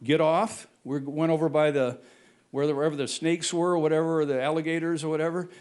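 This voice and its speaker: A man's voice: a little high, steady tone, fast talker, darkish tone. An older man telling a true story on stage in a rambling, self-correcting way, often chuckling as he goes. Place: stage at a brewery before an audience.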